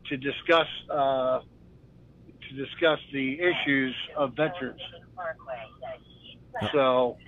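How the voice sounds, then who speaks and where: A man's voice: medium pitch, steady tone, slow, pauses often. Laid-back male caller on a dull line. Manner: laid-back, friendly, hesitant with fillers. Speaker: call-in guest. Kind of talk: casual phone-in chat.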